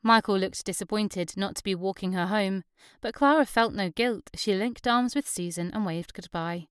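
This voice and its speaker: A woman reading an audiobook in scripted narration, steady and even. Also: medium pitch, normal speed, clean tone, no echo, studio quality.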